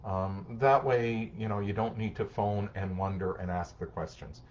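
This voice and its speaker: A man's voice: lowish voice, steady tone, normal speed, muffled recording, slight background noise. A middle-aged man, a social worker, giving casual parenting advice and answering viewer comments. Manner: warm, conversational, acts out short parent-child exchanges. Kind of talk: live-streamed advice talk reading comments.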